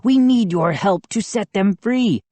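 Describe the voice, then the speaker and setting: A woman's voice: medium pitch, animated, a little slow, mellow, dry recording, voice pushed up. A woman voicing an eager little male lawn gnome who squeals and implores. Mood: imploring.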